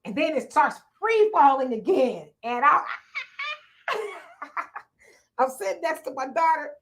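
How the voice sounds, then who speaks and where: A middle-aged woman co-hosting a casual talk show, telling a story in an animated, dramatic way. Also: high voice, slow pace. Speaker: co-host.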